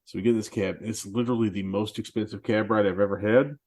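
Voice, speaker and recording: A man with a fairly low voice rambles through his stories in loose, casual podcast chat, laughing at his own expense as he goes. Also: fairly even intonation, quick pace, a little mellow. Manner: rambling anecdotal storyteller, laughs at himself. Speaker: podcast co-host.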